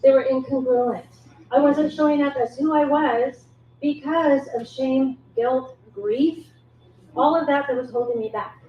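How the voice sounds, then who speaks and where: A middle-aged woman, a forgiveness coach, speaking earnestly and encouragingly to a live audience at a measured pace. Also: high-pitched. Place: echoey event room at a wine cellar. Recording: echoey room, muffled sound, faint noise.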